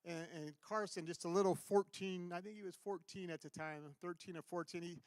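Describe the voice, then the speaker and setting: A man with a fairly high, smooth and resonant voice tells an earnest church testimony. He stops and restarts often as his enthusiasm builds. The sound is close and dry. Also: fairly even intonation, a little fast, no room sound. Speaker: church member giving announcements. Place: church sanctuary.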